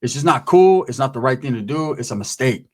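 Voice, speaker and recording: A man's voice: medium pitch, expressive, brisk. A man telling a prison story in a casual, streetwise, profane way, often slipping into the voices of the people in it.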